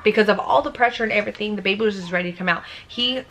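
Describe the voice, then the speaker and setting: A young adult woman vlogger telling a personal story in a casual, animated way, acting out what others said. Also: mid-range voice, very fast. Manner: animated, acts out quotes.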